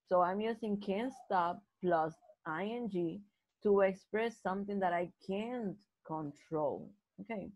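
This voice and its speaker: Woman teaching a slow English grammar lesson. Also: fairly low pitch, darkish tone, no echo, poor audio. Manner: slow, repetitive explaining with frequent restarts. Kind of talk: live online grammar lesson.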